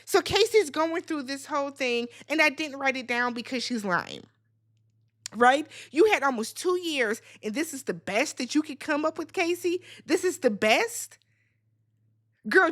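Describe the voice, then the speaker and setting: Woman vlogger, high and animated, blunt and profane, speaks straight to the cast. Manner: talks straight to the people on the show. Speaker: reality TV recap vlogger. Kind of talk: opinionated show recap.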